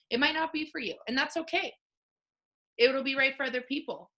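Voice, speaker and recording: A woman's voice: sits high, brisk, bright, forceful tone. A woman leading a team call, telling candid and emotional stories full of fillers to coach her sales team. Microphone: video call.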